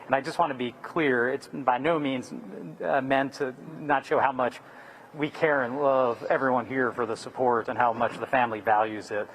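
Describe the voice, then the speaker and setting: Man in a mid-range voice introducing speakers, halting and formal, faint background noise. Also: mid-range voice, fairly even intonation, a bit bright, rough recording. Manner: hesitant, many fillers and restarts. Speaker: press conference moderator. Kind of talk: formal announcements.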